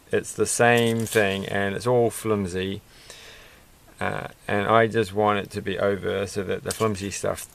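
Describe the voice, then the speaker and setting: Man, low-pitched, creaky voice, rambling build commentary, self-deprecating. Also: fairly bright tone. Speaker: Lego building vlogger. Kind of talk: casual running commentary while building.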